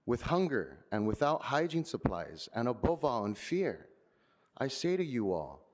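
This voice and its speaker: A man giving formal public comment at a city council meeting, earnest and measured like a prepared speech. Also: medium pitch, sing-song.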